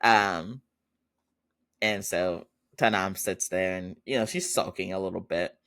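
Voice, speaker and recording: A man's voice: low-pitched, measured pace, a bit bright. A man hosting a podcast, chatting casually through an episode recap with lots of fillers and frequent laughs. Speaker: podcast host.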